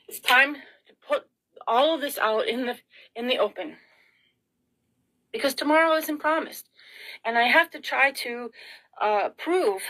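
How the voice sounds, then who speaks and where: A woman's voice: high-pitched, pushed and bright, poor audio. A middle-aged woman vlogging in an emotional, rambling monologue, frazzled and tearful, sighing and asking rhetorical questions.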